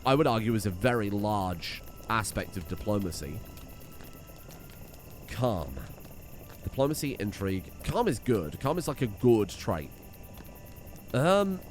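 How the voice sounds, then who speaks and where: A young man gives casual, excitable commentary over his gameplay, thinking aloud and swearing freely. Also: medium pitch. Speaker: let's play host.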